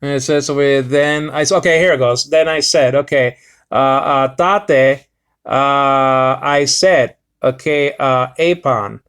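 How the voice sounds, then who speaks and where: A man giving a casual Bible lesson, reading slowly with many fillers and sounding out Greek words. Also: medium pitch, a bit bright, clear, resonant tone. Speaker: Bible teacher.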